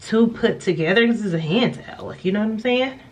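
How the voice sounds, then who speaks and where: A woman's voice: medium pitch, expressive, brisk. Chatty woman vlogging in an echoey room. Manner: chatty, talks straight to viewers. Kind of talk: casual vlog chat. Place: at home. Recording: echoey room, camera at a distance.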